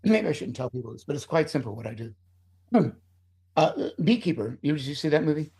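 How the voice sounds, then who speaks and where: A man's voice: fairly high pitch, very animated, brisk, warm tone, husky. A middle-aged man, a screenwriter being interviewed, talking in a heated, profane, rambling way. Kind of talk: casual interview talk.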